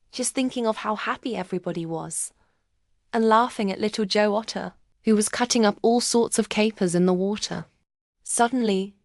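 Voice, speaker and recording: A woman narrating a classic animal storybook in a gentle, even reading voice. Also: medium pitch, no room sound, clean studio sound.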